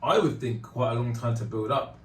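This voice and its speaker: A man's voice: mid-range voice, a little fast. A man hosting a casual podcast, chatty and laid-back with slangy phrasing. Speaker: podcast host. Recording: roomy, slightly distant, faint noise.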